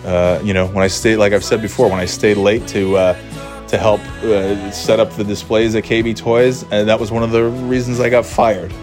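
A man's voice: fairly low pitch, little pitch movement, normal speed, over music. A man telling comic stories about himself in a rambling, profane, self-mocking way. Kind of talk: comedic storytelling monologue.

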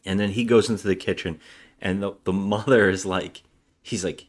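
Deep-voiced man retelling a movie plot. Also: normal speed. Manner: animated retelling with acted-out dialogue. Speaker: co-host of a bad-movie podcast.

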